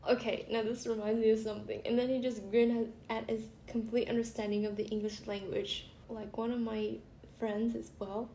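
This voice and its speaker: A woman's voice: on the high side, flat delivery, moderate pace, hardly any pauses, mellow. A young woman vlogger casually reading funny stories aloud, chatty and giggly, often breaking off to laugh. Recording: echoey room with faint hiss.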